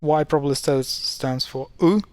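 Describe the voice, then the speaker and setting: A man's voice: on the high side, normal speed, no echo. Hesitant man explaining pronunciation. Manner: hesitant, many fillers and self-corrections. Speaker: language teacher. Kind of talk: casual explanatory lesson.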